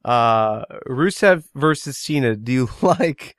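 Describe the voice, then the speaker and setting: A man's voice: medium pitch, animated, slow, no echo, studio quality. A man hosting a casual podcast chat, steering the talk and asking pointed questions. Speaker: podcast host.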